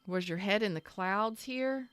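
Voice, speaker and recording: A woman gives a casual, sassy tarot reading to camera, blunt and emphatic as she voices the listener's inner thoughts. Her mid-range voice is a bit bright, clear, and resonant, a little slow, and there's no room sound.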